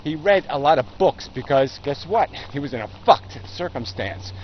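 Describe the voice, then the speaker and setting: A man's voice: fairly high pitch, animated, moderate pace, lo-fi sound, slight background noise. A man giving a blunt, profane opinion rant in a casual video blog, with many ums and uhs. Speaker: video blogger.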